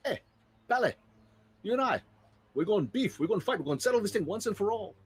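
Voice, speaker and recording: A man's voice: high voice, animated, brisk, breathy edge, pitched above the performer's own voice, full character voice. A man voicing a fierce older sea goddess, blunt and brash, in a Hawaiian Pidgin accent. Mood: challenging. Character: fierce elder sea goddess sister, fed up.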